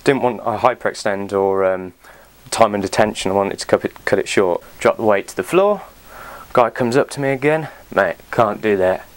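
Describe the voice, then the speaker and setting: A man's voice: on the low side, brisk. A man ranting to camera as a fitness vlogger, blunt and sweary, full of exasperation. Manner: blunt, sweary, exasperated, quotes people in other voices.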